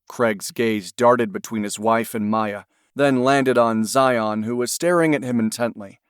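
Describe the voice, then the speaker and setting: Brief: male audiobook narrator, mid-pitched, dry close studio sound, measured delivery. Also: clean tone, dry recording. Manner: steady, measured storytelling.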